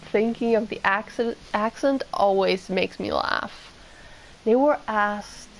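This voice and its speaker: A woman's voice: mid-range voice, gravelly, a little hiss or hum, poor audio. A woman from Sweden with a Swedish accent, chatting casually and rambling as she streams a game. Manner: rambling, meandering, with many fillers. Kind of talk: casual chat while gaming.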